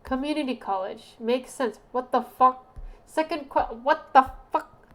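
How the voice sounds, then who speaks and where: Expressive woman streamer, higher voice. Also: unhurried. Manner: animated, exclaims and swears in disbelief; reads on-screen game text aloud. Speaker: streamer playing game jam entries. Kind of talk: casual live-stream commentary.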